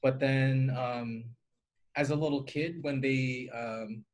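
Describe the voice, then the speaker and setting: A man's voice: medium pitch, fairly even intonation, slow, darkish tone. A man from the Philippines, a guest teacher talking earnestly and easily in a casual podcast chat, with many fillers.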